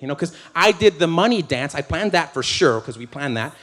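A man with a slightly high voice preaches through a comic personal story. He is animated and self-mocking, often breaking into laughter as he talks. The delivery is quick, loose storytelling rather than formal preaching.

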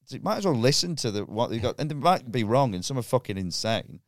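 A man's voice: mid-range voice, very animated, quick pace, no room sound, clean studio sound. A middle-aged man, a comedian guest chatting casually on a podcast, swearing a lot, ranting and laughing often.

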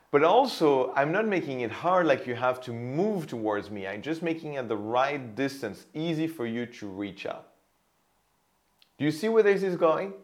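A man teaching how to place the voice for sales, explaining with a pen example in an animated way. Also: medium pitch. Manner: animated, demonstrates loud and whispered voices. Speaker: voice and sales coach. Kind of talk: teaching monologue.

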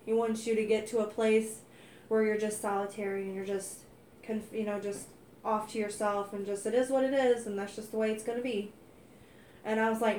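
A woman's voice: medium pitch, little pitch movement, a little fast, a little mellow, reverberant, slight background noise. A woman telling her faith testimony in casual conversation, earnest and emphatic, growing heated as she quotes herself. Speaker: wife sharing testimony.

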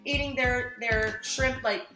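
Woman guest, talks loose and profane, a bit high-pitched, echoey room with music under it. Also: steady tone, slow. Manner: loose and swearing, laughs often. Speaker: podcast guest. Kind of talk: casual chat.

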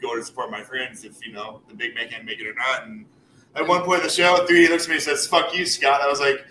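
A man's voice: mid-range voice, flat delivery, fast talker, pushed and bright. A man hosting a podcast in casual chat, joking and laughing a lot. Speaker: podcast host. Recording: echoey room with faint noise.

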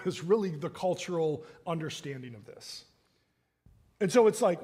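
Husky high-voiced male pastor preaching casually. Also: expressive, moderate pace, mellow. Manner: casual, uses fillers and "right?" often. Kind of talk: conversational sermon. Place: church sanctuary.

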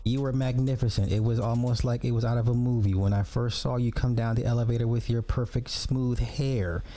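A man hosting a commentary podcast, reading messages aloud in a drawn-out mocking tone and breaking off to comment. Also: medium pitch, steady tone, dark tone. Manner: reads dramatically with mocking asides. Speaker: podcast host.

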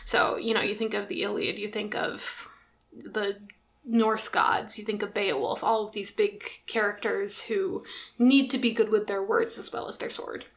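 A woman co-hosting a comedy podcast, chatting casually and explaining history with lively asides. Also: mid-range voice, normal speed, creaky. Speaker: podcast co-host.

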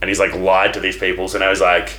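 Casual podcast co-host, man, low voice, rambling plot recap, echoey room. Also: completely flat delivery, fast talker, sharp tone. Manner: rambling storyteller acting out characters' lines. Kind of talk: casual movie recap chat.

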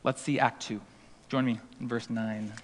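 A man preaching a sermon, telling the story in a lively way and acting out the biblical voices. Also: medium pitch, moderate pace, big-room sound, a little hiss or hum. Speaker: pastor. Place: school auditorium used for worship.

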